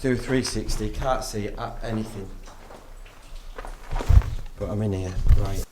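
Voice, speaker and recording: A young man vlogging alone in a tunnel at night, talking quietly to his camera and keeping his voice down. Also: on the low side, slow, background noise. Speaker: outdoor vlogger. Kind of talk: solo camping vlog, talking to camera. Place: inside a disused tunnel at night. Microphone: handheld camera.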